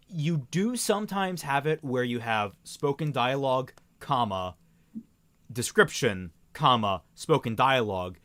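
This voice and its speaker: A man's voice: medium pitch, no room sound. Man critiquing dialogue on a stream. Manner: halting, many restarts, lively when reading quotes. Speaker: co-host reading and critiquing viewer writing. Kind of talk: casual stream chat, reading submissions aloud.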